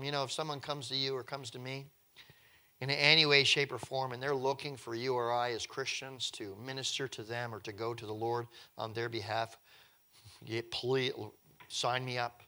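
A man's voice: medium pitch, level tone, moderate pace, bright, forceful tone. A male preacher giving a conversational Bible teaching, reading scripture aloud and breaking in with wry, joking asides.

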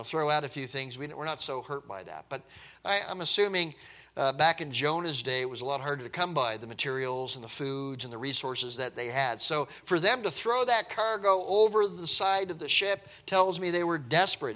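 A man's voice: on the high side, sharp tone. A man preaching a conversational, emphatic sermon, often repeating his words as he explains.

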